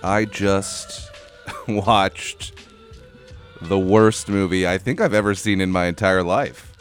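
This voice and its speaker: Soft background music plays as a podcast host with a low, slow voice rambles through an exasperated, swearing rant. He hosts the casual show solo, speaking into a studio microphone.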